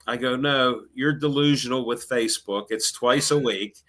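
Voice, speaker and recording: A man's voice: medium pitch, normal speed, a bit bright. A middle-aged man, telling stories in a chatty, sarcastic way. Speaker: guest, local show host. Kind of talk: casual chat.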